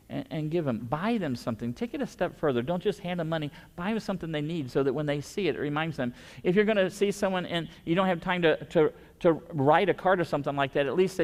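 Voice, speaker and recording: Conversational preaching man, fairly high voice. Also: expressive, fast talker, big-room sound. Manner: conversational preaching with storytelling and repeated restarts. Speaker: pastor. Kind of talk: sermon. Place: church.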